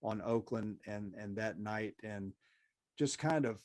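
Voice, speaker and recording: A man's voice: lowish voice, unhurried, a little mellow. A man hosting an interview, asking questions politely with lots of hedging. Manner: hedging, polite, "if you will". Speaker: podcast host.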